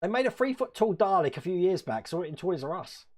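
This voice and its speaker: A Welshman hosts a casual live stream from his hobby room, speaking in a high-pitched, very animated voice at a quick pace. He rambles, chuckles often, and answers chat.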